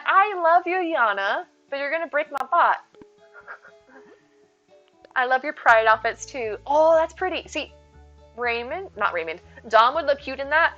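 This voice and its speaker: Her voice is fairly high and bright with a forceful tone as she chats casually with viewers during a live game stream, bubbly and full of frequent thanks. Faint music plays under a slightly dull recording.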